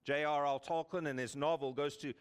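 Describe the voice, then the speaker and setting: A man preaching a sermon, telling stories earnestly with dramatic pauses and repeated words. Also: fairly high pitch, fairly even intonation, smooth, long reverb tail.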